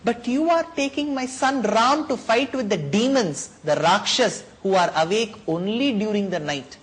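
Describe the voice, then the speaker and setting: An anxious old king pleading for his son, as voiced by a man. His lines come out slow and worried, with the unease showing in how he asks. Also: high voice, pitched above the performer's own voice, close to an everyday voice, poor audio. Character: worried elderly father king.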